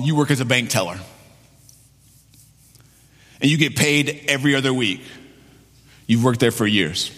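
A man preaching with a fairly high, very animated voice that swoops up and down. He hammers his points home by repeating them. His words ring out with a long reverb, as in a big sanctuary. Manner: emphatic, repeats key phrases for effect. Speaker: pastor. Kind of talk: sermon.

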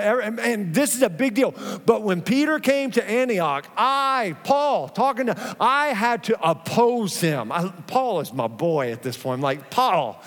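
A man delivers a sermon in a lively, conversational way, dropping playful asides between points. His voice sits high for a man. The sound rings with the long reverb of a big church hall. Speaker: pastor.

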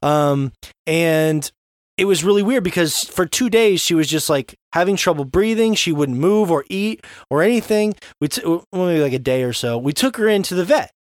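A young adult man co-hosting a podcast, telling a story in an animated, casual way and swearing now and then. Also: a little high, moderate pace, dry recording, studio quality. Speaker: podcast co-host. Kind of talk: casual chat.

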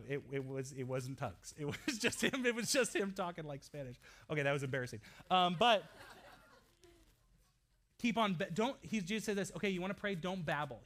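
A man's voice: fairly high pitch, a bit bright. A middle-aged man preaching a sermon as a pastor, storytelling with humor and building to passionate emphasis.

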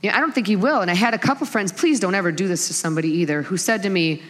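Woman, middle-aged, preacher, animated storytelling, long hall reverb. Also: medium pitch, fast. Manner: animated storytelling with acted-out quotes. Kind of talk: sermon.

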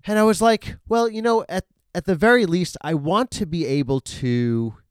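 A man's voice: high-pitched, moderate pace, clean tone, no echo, studio quality. A man hosting a casual solo podcast, rambling and swearing freely, full of fillers and self-corrections. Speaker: podcast host. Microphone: studio podcast microphone.

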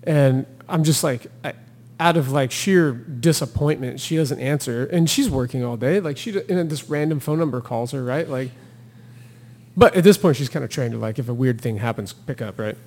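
A man's voice: mid-range voice, normal speed, in a large hall. A man, a thru-hiker guest on a podcast, telling his story in casual talk and acting out the quotes with laughter. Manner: animated storyteller who acts out quotes and laughs.

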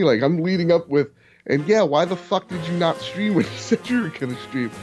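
A man's voice: on the high side, quick pace, a little mellow, faint music behind. A young man in a casual podcast chat, telling a long frustrated story and swearing freely. He quotes other people in mimicked voices as he goes. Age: young adult.

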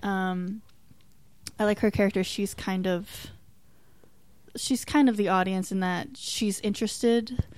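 A woman co-hosting a casual podcast, chatting about a TV show in a relaxed way with frequent ums. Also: mid-range voice, unhurried, no echo. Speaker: podcast co-host reviewing a TV show. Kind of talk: casual chat.

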